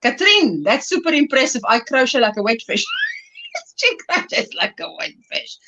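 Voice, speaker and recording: A woman's voice: high voice, sing-song, moderate pace, dull audio, noisy background. A South African woman hosting a crochet livestream, chatting playfully, giggling often, and reading viewer comments aloud.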